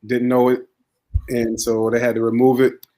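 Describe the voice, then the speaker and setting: A man who is a podcast guest, telling his own story in a plain, low-key way. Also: monotone, moderate pace, dark tone. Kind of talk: casual chat.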